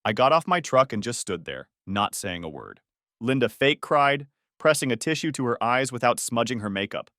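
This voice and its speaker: A man's voice: medium pitch, sing-song, normal speed, fairly bright tone, no echo, studio quality. A man in his thirties narrating his own story in a blunt, plain-spoken way. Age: 30s. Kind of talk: first-person story narration.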